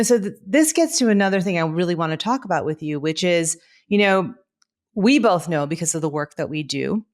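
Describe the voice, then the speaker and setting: Woman in her 50s, podcast host, lower voice, measured and reflective. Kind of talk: conversational interview.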